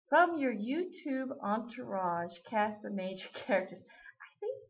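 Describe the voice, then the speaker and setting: A woman chatting casually to camera, rambling and giggling as she answers a question tag. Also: medium pitch. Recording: dull lo-fi webcam audio.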